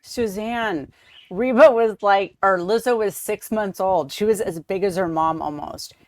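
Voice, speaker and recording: A woman's voice: medium pitch, measured pace, darkish tone, no room sound, clean studio sound. A woman hosting a casual interview, chatty, laughing easily and asking friendly questions. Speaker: host and interviewer.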